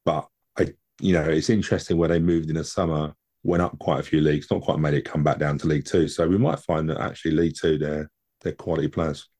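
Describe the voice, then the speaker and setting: A man's voice: a bass voice, fairly even intonation, fast, dark tone. A man co-hosting a casual football podcast from home, chatty and rambling, often repeating his words. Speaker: podcast co-host.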